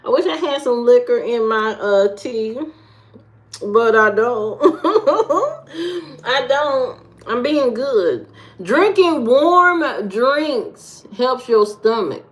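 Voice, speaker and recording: Slow-talking woman doing comic livestream rants. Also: fairly high pitch, lively intonation. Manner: comic rants, greets viewers by name, repeats words. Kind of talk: casual livestream chat.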